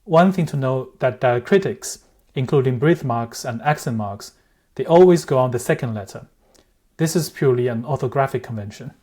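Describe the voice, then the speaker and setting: Male instructor, breathy timbre, measured and careful, lesson narration. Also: medium pitch, animated, a little mellow. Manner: measured, careful, demonstrates word pronunciations aloud. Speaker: language teacher.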